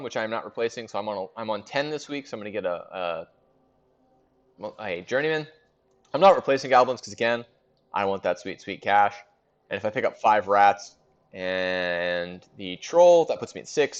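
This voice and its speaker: In a muffled recording, a man with a fairly low voice hosts a casual recap of a league in a fantasy sports board game, chatting and thinking aloud with fillers.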